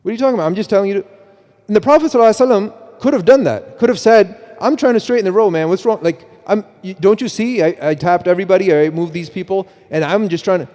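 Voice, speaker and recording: Middle-aged guy preaching in a mosque, mellow tone, big hall echo, keeps restarting and repeating himself. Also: high-pitched, quick pace. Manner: animated, many restarts and repeats, quotes himself. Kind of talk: mosque talk on parenting. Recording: long hall reverb.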